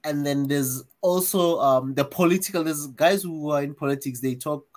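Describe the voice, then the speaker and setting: South african guy on a podcast panel, slow careful explainer, lots of uhs. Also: a little high. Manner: measured, explains at length with many fillers. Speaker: podcast host. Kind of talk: casual panel chat.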